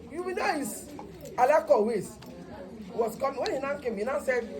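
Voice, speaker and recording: A woman nurse with a Nigerian accent telling a comic story about her work, in an animated way and mixing in Yoruba words. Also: high-pitched, normal speed.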